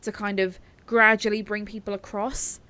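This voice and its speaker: A woman's voice: medium pitch, little pitch movement, normal speed, a crowd in the background. A woman co-hosting a podcast in casual chat, chatty and encouraging, with frequent fillers. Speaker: podcast co-host.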